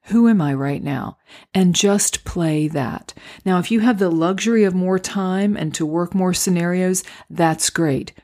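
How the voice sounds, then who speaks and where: A woman hosting a solo podcast, talking through acting auditions in a gentle, encouraging, unhurried way. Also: fairly low pitch. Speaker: podcast host and acting coach. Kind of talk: reflective solo podcast talk. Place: home, recorded near a street.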